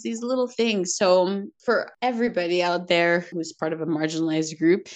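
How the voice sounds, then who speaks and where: A woman speaking earnestly and reflectively as a podcast guest, telling a personal story with quick asides and light laughs. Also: mid-range voice, creaky.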